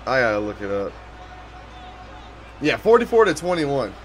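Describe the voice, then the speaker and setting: A man's voice: medium pitch, normal speed, a little hiss or hum. A man chatting casually on a game live stream, greeting viewers and talking as he plays. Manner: laid-back, chatty, shouting out viewers, sudden excited outbursts. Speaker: gaming streamer. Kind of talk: casual live-stream chat while playing.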